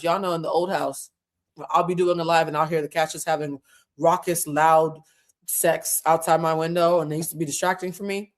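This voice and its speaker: A woman's voice: lowish voice, brisk. A woman hosting a casual livestream, chatty and laughing often, with a Black way of talking and easy swearing. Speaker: host.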